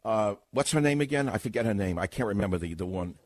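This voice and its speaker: A man's voice: fairly low pitch, lively intonation, quick pace, no echo. An older man hosting a talk radio show, delivering a sarcastic, mocking monologue and acting out a mock questioning.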